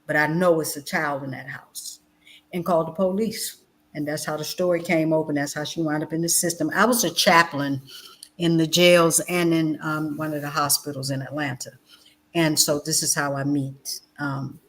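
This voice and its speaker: On a video call, a middle-aged woman who is a guest educator and ex-chaplain recounts stories in a passionate, conversational manner. She speaks insistently, repeats phrases, and moves back and forth between loud outbursts and soft, low passages.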